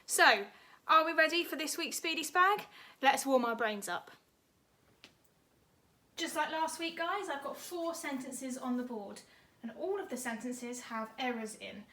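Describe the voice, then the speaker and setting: A woman teaching an online grammar lesson to primary school children, upbeat and slowing down to spell words letter by letter. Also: sits high, expressive, bright, forceful tone.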